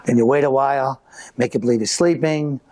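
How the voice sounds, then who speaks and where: A middle-aged man performing live stand-up comedy, telling animated stories and acting out voices. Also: mid-range voice, a little fast. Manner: animated storytelling with acted-out voices. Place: live venue with an audience.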